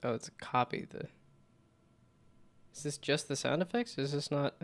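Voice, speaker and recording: At a normal pace, a man rambles casually on his live stream as he works on a game, making fun of himself. He laughs a lot and throws in silly high whoops.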